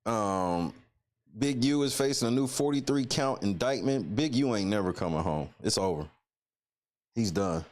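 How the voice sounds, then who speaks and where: Animated, profane male live-stream host. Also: fairly low pitch, moderate pace. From Indiana. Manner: greets chatters mid-rant. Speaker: livestream host. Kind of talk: casual live-stream commentary.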